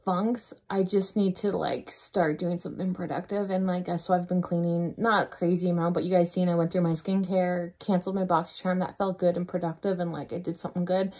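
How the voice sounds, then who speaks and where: A woman's voice: fairly low pitch, steady tone, brisk, few pauses, darkish tone. A Canadian woman in her thirties chatting casually in a home vlog, rambling and laughing often. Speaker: vlogger, mom. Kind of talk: casual weekly vlog chat.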